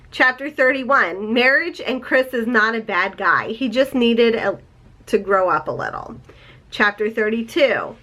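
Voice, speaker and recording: A woman's voice: a little high, a bit bright, a little hiss or hum. Gushing, emotional woman book vlogger. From United States. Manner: gushing, emotional, swearing, reading chapter notes aloud. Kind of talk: casual book review vlog.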